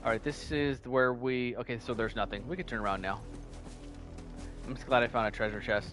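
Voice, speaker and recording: A man's voice: medium pitch, steady tone, a little fast, music in the background. A man giving playful, goofy commentary while playing a video game, slipping into silly mock-pompous voices. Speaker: gaming video host. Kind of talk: let's play commentary.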